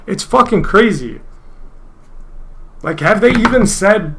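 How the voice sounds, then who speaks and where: A young man streaming live, rambling in a casual rant with plenty of swearing and sudden loud outbursts. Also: sits high, animated, slow, noisy background.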